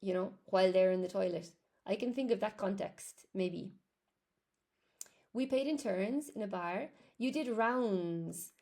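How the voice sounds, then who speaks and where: A woman's voice: mid-range voice, a little slow, dark tone. A young Irish woman teaching English on a live stream, chatting as she answers viewers' comments. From Ireland.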